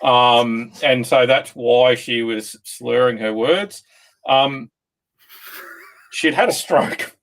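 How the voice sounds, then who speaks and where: Man hosting a relaxed podcast. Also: medium pitch, slow pace, rough recording. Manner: relaxed, hesitant with fillers. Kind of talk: casual podcast chat.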